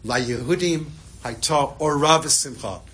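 Bright-voiced man telling a sermon story. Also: a little high, measured pace. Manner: animated storytelling, drops to hushed tones.

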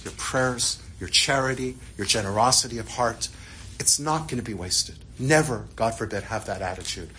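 A man, a rabbi, telling a story as part of a sermon, animated at times and dropping to hushed tones at others. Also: mid-range voice, a little hiss or hum.

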